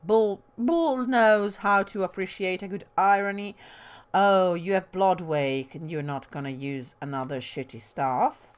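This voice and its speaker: Clear and resonant, her fairly low voice is unhurried. This let's play host comes from Bologna and speaks with a light Italian accent, a slight Bolognese lilt and drama-school trained diction, chatting casually through gameplay with rambling, self-deprecating asides.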